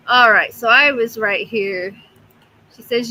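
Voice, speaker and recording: A woman's voice: fairly high pitch, slow pace, bright, forceful tone, rough recording. A woman hosting a casual livestream from home, chatting to her pets and reading out viewer comments. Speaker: livestream host.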